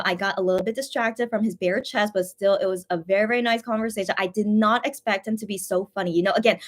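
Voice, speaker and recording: Bubbly, fast-talking woman. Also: on the high side. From USA. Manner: gushing, excitable, many fillers and restarts. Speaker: channel host. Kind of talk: casual fan storytelling livestream.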